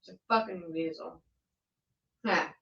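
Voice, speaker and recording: A woman's voice: fairly low pitch, measured pace, gravelly, bright, forceful tone. A woman joining a casual livestream chat, blunt and swearing freely. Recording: echoey room, dull lo-fi audio.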